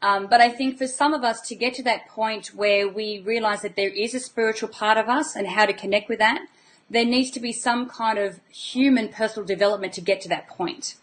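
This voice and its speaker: A woman's voice: mid-range voice, fairly quick. A woman hosting an interview, friendly and summing up her guests' ideas. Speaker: host.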